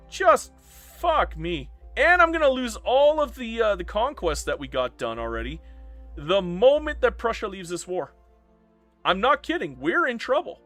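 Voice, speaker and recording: A man streaming a strategy game live, narrating in a bright, fairly high and very lively voice. He talks in a theatrical, self-mocking way and swears freely, over faint background music. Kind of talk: live gameplay commentary.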